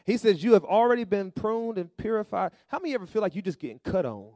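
A male pastor preaching a sermon, calling to the congregation and rising to loud emphatic bursts. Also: high voice, sing-song, quick pace, no room sound, studio quality.

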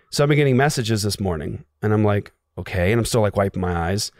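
A medium-pitched man, a guest, tells a personal story in casual fashion, earnest and emotional and packed with "like"s. The recording is dry, with clean studio sound.

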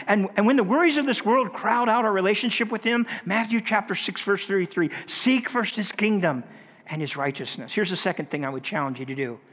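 Man preaching, slightly high voice, earnest and chatty, long echo off a big hall. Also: brisk, fairly bright tone. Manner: earnest, conversational, rises and falls for emphasis. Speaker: pastor. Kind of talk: sermon. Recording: long reverb of a large hall.

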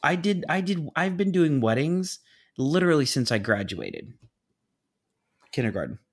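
A man in his thirties, animated and emphatic, casually telling a story on a podcast. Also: a little high, normal speed, husky.

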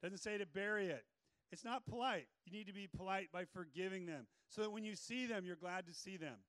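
A male pastor preaching a sermon in an energetic, joking way with playful asides. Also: high-pitched, brisk, no room sound.

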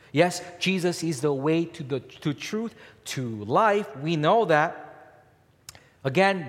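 A man preaching a sermon, emphatic and repetitive, his pitch rising and falling as he drives points home. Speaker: pastor. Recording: long hall reverb.

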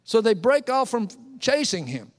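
Animated preacher man in a reverberant hall. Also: extremely high pitch, moderate pace. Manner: storytelling preacher acting out characters, animated. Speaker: pastor. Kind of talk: sermon. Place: church sanctuary.

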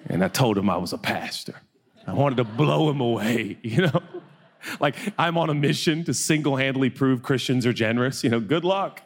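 A man's voice: medium pitch, expressive, moderate pace. A man in his forties, a pastor, telling a funny, self-mocking story in a sermon and acting out the voices of the people in it. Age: 40s. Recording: long hall reverb.

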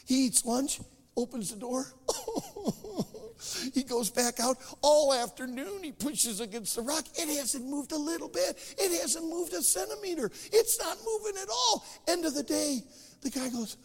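Man pastor, high, gravelly voice, lively delivery, long hall echo. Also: measured pace. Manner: animated storytelling preacher. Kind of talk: sermon.

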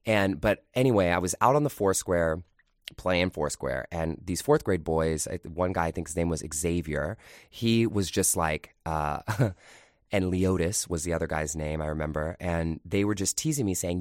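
Candid, low-voiced male podcast host. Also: moderate pace, dry recording, clean studio sound. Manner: candid, confiding, conversational. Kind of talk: casual personal storytelling.

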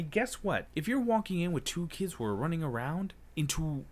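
A man's voice: a little high, very animated, a little fast, hardly any pauses. A young man telling a heated, profane story in a casual podcast chat, acting out his own angry retorts. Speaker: podcast co-host.

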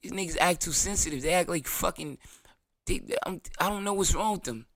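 A man's voice: high-pitched, a little fast, a bit bright, dry recording, clean studio sound. A man with a New York accent hosting his own show, delivering a brash, profane, defiant rant and mocking his critics in whiny voices. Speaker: show host. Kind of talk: ranting monologue.

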